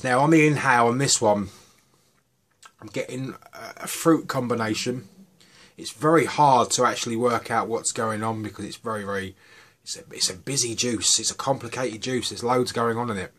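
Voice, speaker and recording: A man's voice: mid-range voice, moderate pace, a bit bright. A man chatting casually through a vape juice review, rambling a little and poking fun at himself. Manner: chatty and self-deprecating, with rambling asides.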